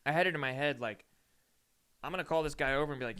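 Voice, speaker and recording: A young man from Austin, Texas hosts a casual solo podcast chat, rambling, swearing, and saying "dude" a lot while sounding sore and yawning. His voice is on the high side, bright, forceful, clear, and resonant. He talks fast and pauses often.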